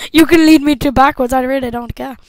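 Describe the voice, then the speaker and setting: High-pitched, excitable young gamer woman. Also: moderate pace, dry recording, low-quality recording. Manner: excitable, jokey, talks to the game. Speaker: gameplay commentator. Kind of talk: casual let's-play commentary.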